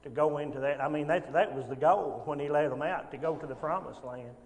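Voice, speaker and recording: In a church classroom that sounds like a large hall, a man with a slightly high voice leads an informal Sunday Bible class. He speaks haltingly, often restarting and tossing in rhetorical tag questions.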